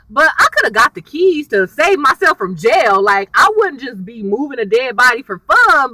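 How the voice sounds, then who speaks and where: A young woman chatting casually as she recaps a TV episode, full of slang, who acts out the characters' lines in quick exaggerated voices. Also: high-pitched, no echo, recorded from a distance, rough recording. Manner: chatty and animated, lots of slang and y'all. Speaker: TV recap vlogger.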